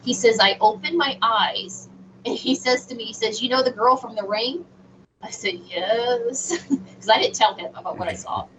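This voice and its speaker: A woman guest on a radio show, telling a personal story in an animated, halting way with many fillers. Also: on the high side. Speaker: guest medium. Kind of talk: casual storytelling in a radio interview. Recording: distant, dull lo-fi sound with faint noise.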